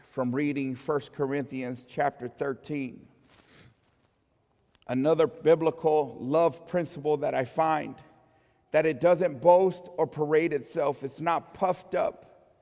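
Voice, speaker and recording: A man in his thirties preaching a sermon, swinging between loud emphatic lines and hushed ones. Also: a little high, in a large hall. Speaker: pastor. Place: church.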